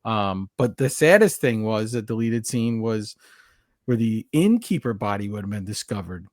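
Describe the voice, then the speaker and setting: With a voice on the low side and a moderate pace, this man co-hosts a podcast, talking casually about a horror movie. He goes on at length with animated, rambling scene recaps, often restarting and correcting his sentences, in a dry, studio-quality recording.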